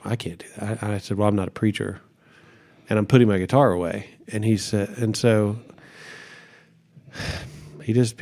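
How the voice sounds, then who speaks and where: A man's voice: fairly low pitch, darkish tone. A middle-aged man and pastor telling a story in a casual interview, acting out quotes and laughing often.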